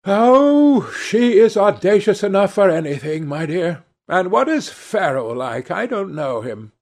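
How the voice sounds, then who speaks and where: Man playing a fussy old high-society lady, raised high voice, exclamatory, gravelly edge, storybook reading. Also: sing-song, measured pace, a little mellow, heavily acted. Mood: teasing. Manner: teasing, exclamatory. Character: gossipy old society hostess woman.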